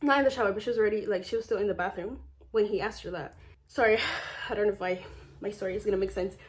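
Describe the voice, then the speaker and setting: A woman's voice: medium pitch, fast. Woman vlogger, casual storyteller, rambling with lots of fillers, salty language, replays the dialogue. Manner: swears casually; animated retelling with quoted dialogue.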